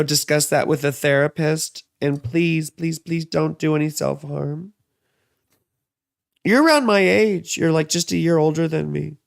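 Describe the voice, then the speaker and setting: Man, thirties, chatty astrologer, casual rambling reading, dry close mic, gravelly edge. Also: a little high, dry recording. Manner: chatty, rambling, frequent fillers and asides. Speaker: astrologer and tarot reader.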